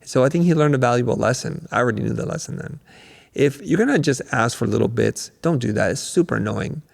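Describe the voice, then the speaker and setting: Middle-aged male guest, gravelly, animated storyteller, reverberant hall sound. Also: medium pitch, fast talker. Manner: animated storyteller, acts out quotes. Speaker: guest, creative business coach. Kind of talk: podcast interview storytelling.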